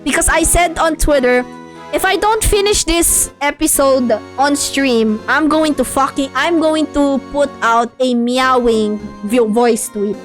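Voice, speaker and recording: A woman's voice: high voice, a little slow, faint music behind. A young woman streaming a game, chatting with viewers in a playful way and swearing casually.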